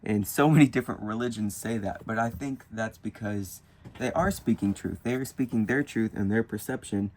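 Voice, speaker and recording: A man's voice: fairly low pitch, moderate pace, a little mellow. A young man thinking aloud in a rambling, casual vlog about spirituality while drawing with colored pencils. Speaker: spiritual vlogger. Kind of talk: casual musing monologue.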